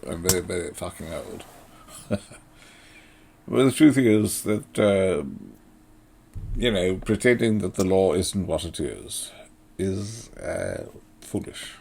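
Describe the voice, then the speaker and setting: Middle-aged guy from india, gravelly husky voice, blunt sarcastic rant with lots of swearing. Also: low-pitched, lively intonation, takes it slowly, long pauses, mellow. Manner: sardonic, blunt and profane, with many fillers and chuckles. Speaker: political commentator. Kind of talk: monologue commentary.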